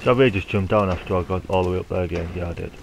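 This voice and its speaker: A man talks through his gameplay in a chatty, wry way. His voice is gravelly with fry. There is faint noise behind him. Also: low voice, very fast. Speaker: gamer. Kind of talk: gameplay commentary.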